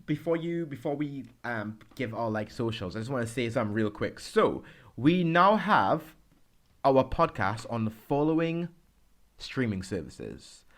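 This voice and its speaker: A man co-hosting a casual podcast, animated and playful, laughing often and chiming in with agreement. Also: mid-range voice, unhurried. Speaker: podcast co-host.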